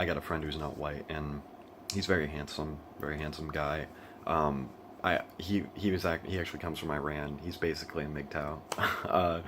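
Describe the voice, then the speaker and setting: A young American vlogger living in Asia delivers a casual, off-the-cuff monologue in a very low, slightly bright voice. He rambles, keeps restarting his sentences and laughs along the way. A faint hiss runs beneath the recording.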